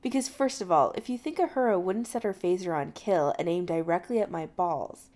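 A woman's voice: on the low side, a little fast, darkish tone, lightly acted. A woman voicing a brash, eager young male starship captain who talks in a pleading, pushy way. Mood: insistent.

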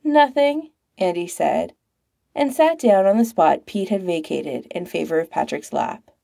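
A woman reads a story aloud in a wry, expressive way. Her voice is dark and husky with a creaky edge, and it rises and falls freely at a slow pace. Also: fairly low pitch. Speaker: narrator. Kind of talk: storybook reading.

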